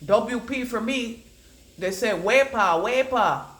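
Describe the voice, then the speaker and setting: A woman giving a channelled oracle card reading. She rambles and repeats words in chanting bursts, swinging between low murmurs and loud declarations. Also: slow pace. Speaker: psychic oracle card reader. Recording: echoey room.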